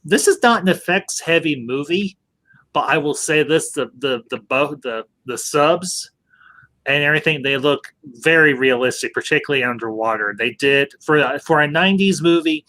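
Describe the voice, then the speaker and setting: Host: man, bright and tense in tone, chatty, emphatic reviewer who stumbles over his words. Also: fairly high pitch, normal speed. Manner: emphatic, keeps saying "I'll say this"; frequent word restarts. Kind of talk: casual movie review chat.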